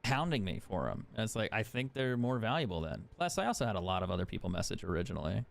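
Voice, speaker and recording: A man's voice: on the low side, expressive, racing, gravelly. Laid-back man streaming a game. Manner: chatty, swears freely, laughs often. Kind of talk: casual gaming stream commentary.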